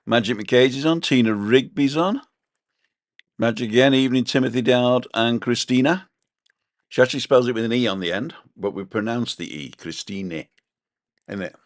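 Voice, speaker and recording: A man's voice: mid-range voice, normal speed, no room sound, clean studio sound. A man co-hosting a casual live stream from his balcony, rambling chattily and reading out viewer comments. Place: home balcony.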